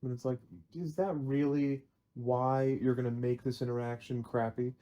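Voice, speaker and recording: A woman talks casually as a guest, telling wry stories from her job. Her voice is mellow and dark, and her delivery stays easygoing. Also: a bass voice, steady tone, normal speed. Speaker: liquor store worker, guest. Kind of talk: casual chat.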